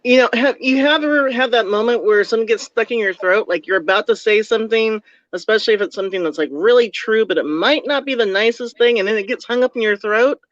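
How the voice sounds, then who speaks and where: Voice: medium pitch, fast talker, hardly any pauses, fairly bright tone, no room sound. A co-host on a psychic talk show, thinking things over in casual chat and asking the others questions. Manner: reflective, asks the others questions. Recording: dry, muffled stream audio.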